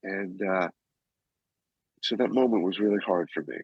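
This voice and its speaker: A man in his sixties, a guest, slowly recounting a personal loss with halting pauses and restarts. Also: deep voice, slightly rough, no echo, dull audio. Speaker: guest, actor and author. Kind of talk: emotional personal storytelling.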